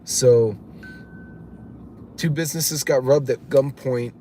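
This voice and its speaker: A man's voice: medium pitch, slow, mellow, slight background noise. A man hosting a live stream, rambling bluntly in casual commentary, swearing offhand and greeting viewers by name as he goes. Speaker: livestream host reading chat.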